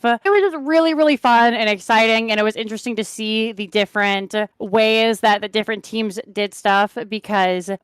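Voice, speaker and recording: A woman's voice: medium pitch, clear, resonant tone, dry recording. A young woman, an esports caster, chatting casually as a podcast guest, rambling through stories with many tangents. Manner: rambling storyteller, lots of "like" and tangents.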